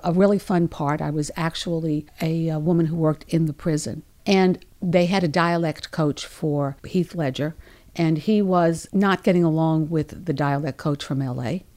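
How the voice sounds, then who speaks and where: A woman with a New Orleans accent, a dialect coach, talking in a lively, animated way in an interview. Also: low-pitched. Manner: lively, talkative, animated storytelling.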